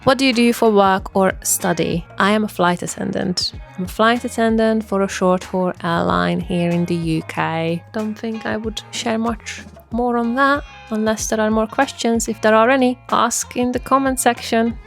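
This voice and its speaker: A woman's voice: on the high side, moderate pace, gravelly, soft background music. A woman from Hungary with a Hungarian accent, chatting casually and self-deprecatingly, with plenty of "like", in a get-to-know-me vlog. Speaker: vlogger.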